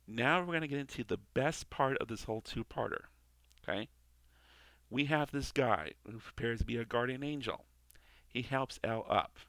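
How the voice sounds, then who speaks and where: A man's voice: medium pitch, animated, moderate pace, a bit bright, no room sound. A man casually reviewing a TV episode, rambling with many restarts and tag questions. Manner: rambling, repeats "okay" and "all right". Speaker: TV show reviewer. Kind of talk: casual commentary.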